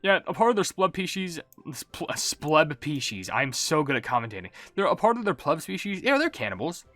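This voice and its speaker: A man casually reading out viewer comments as a gaming YouTuber, rambling and self-mocking, relaxed as if he just woke up. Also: on the high side, fairly quick, dry recording. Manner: rambling, self-mocking, swaps swear words for silly substitutes; relaxed and laid-back.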